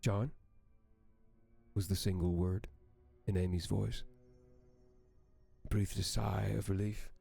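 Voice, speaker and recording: A man streaming, who reads a horror story aloud in a slow, steady storytelling manner. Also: deep voice, creaky, husky, no echo, soft background music.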